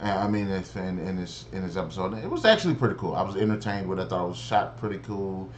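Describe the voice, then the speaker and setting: A man's voice: low-pitched, lively intonation, quick pace, slight background noise. A man giving a rambling, profane, exasperated spoken review of a TV episode, with lots of restarts. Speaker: show reviewer.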